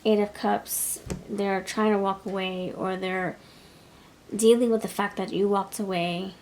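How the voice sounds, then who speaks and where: A woman talks through a pick-a-card tarot reading in a loose, rambling way. She repeats phrases and drifts into voicing what others might be thinking. Her pitch sits in the middle range, and faint clicks come through behind her. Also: fairly even intonation, a little slow, darkish tone, slight background noise. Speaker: tarot reader.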